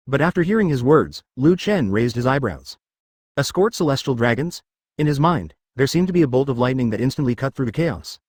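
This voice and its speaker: Fast synthetic male narrator. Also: medium pitch, no echo, clean studio sound. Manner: even, mechanical reading with odd misreadings.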